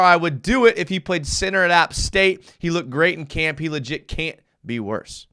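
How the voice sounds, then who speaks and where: A young man hosting a live fan show and breaking down game film, animated and easily worked up as he reads viewer comments. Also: high voice, fairly quick, hardly any pauses, clean tone.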